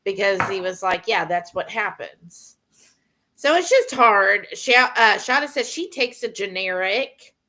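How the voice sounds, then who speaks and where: Bright-voiced woman in chatty conversation. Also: medium pitch, expressive, unhurried. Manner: chatty, many fillers, prompting questions. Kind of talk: casual chat.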